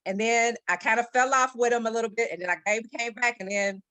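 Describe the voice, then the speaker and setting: A woman's voice: fairly high pitch, fast, bright, forceful tone, no echo. A woman from Detroit telling a grateful story about her trading mentor in a casual call. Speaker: trading community leader. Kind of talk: casual testimonial.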